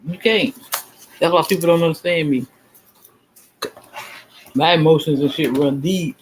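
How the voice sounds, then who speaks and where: Man host, fairly high voice, loose rambling chat with faint hiss behind, sure of himself. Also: measured pace, poor audio. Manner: rambling, emphatic, self-assured, repeats himself. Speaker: channel host. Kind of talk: casual livestream talk.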